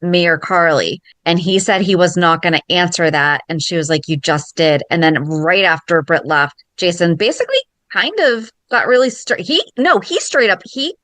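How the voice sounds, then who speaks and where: A woman's voice: fairly low pitch, moderate pace, few pauses, fairly bright tone, no echo. Opinionated woman chatting on a dry mic. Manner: emphatic, opinionated reactions. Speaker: podcast co-host. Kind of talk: casual fan podcast chat.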